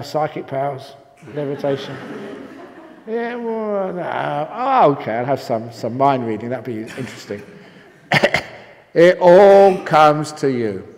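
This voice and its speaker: Older male monk teacher, joking storyteller, mid pitch, long hall reverb. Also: a little mellow. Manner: joking storyteller, occasional coughs. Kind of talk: humorous dharma talk. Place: meditation hall at a retreat.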